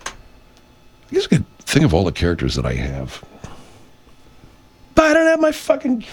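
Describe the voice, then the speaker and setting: A male radio host with a very low voice talks off the cuff. He wanders from point to point, restarts often and drops casual profanity. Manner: meandering, self-interrupting, swears freely. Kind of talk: rambling casual monologue.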